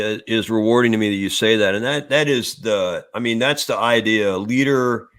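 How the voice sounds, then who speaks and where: A man in his sixties, a retired naval officer, answering interview questions in a reflective, plain-spoken way. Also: lowish voice. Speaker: retired admiral guest. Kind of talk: casual interview chat.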